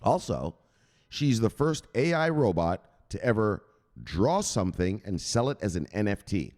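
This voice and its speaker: Fairly low and darkish in tone, this American presenter's voice has a sing-song lilt at a moderate pace. He reads a crypto news article aloud, breaks into chatty, casual asides, and tells viewers to google things.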